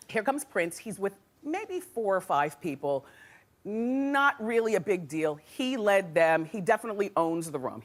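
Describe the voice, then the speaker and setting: Lively, chatty woman talk show host. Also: fairly low pitch. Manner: chatty, dramatic storytelling with laughs. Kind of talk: daytime talk show gossip segment. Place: TV studio with live audience. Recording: studio audience noise and crowd.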